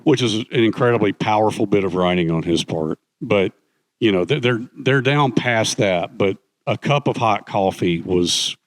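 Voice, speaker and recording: Middle-aged male guest, low voice, dry close mic, lively anecdotal storyteller. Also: moderate pace, no echo. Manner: animated, acts out quoted voices. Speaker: guest speaker, author. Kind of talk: conversational storytelling.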